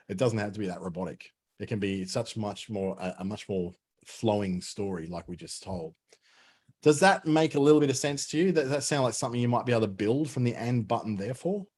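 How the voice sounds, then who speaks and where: A man's voice: fairly low pitch, brisk, darkish tone. A man hosting a webinar, chatty and joking as he coaches guests over a video call. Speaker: webinar host. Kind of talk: casual coaching chat.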